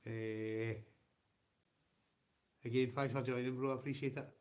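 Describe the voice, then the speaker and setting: A Scottish man hosting a late-night livestream, talking loosely and swearing at nearly every turn. His voice sits at a middling pitch for a man. He rambles from topic to topic and laughs often. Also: little pitch movement, unhurried, a little mellow. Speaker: livestream host. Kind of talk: casual chat with viewers.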